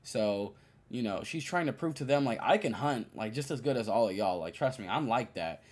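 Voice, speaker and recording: A young man hosting a podcast, chatting casually about movies in a lively, slangy way full of fillers. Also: mid-range voice, moderate pace. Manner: animated, slangy, many fillers and quoted asides. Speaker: podcast host. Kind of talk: casual solo movie review.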